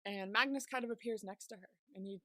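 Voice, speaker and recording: A woman's voice: mid-range voice, fast, a bit bright, no room sound. A young woman co-hosting a podcast, casually recapping a series with lots of "like" fillers. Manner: chatty, many "like" fillers while retelling scenes. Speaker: podcast co-host.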